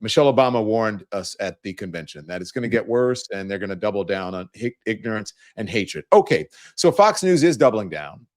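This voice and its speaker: A man hosting a live political talk show, animated and exasperated, often restarting his sentences. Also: on the low side, brisk, few pauses, no echo, studio quality. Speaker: host.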